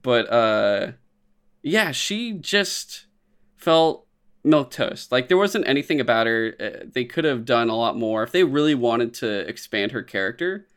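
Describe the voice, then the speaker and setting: A man's voice: medium pitch, lively intonation, a little slow, fairly bright tone, smooth. Guy on a podcast just rambling and joking about a show, medium voice, lots of likes and ums. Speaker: podcast co-host. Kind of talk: casual chat reviewing a show.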